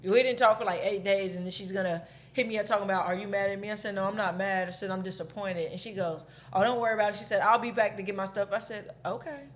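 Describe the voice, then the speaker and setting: A woman's voice: mid-range voice, fairly even intonation, fast, hardly any pauses. A woman in her thirties, a podcast co-host, telling a breakup story candidly in casual chat and swearing freely.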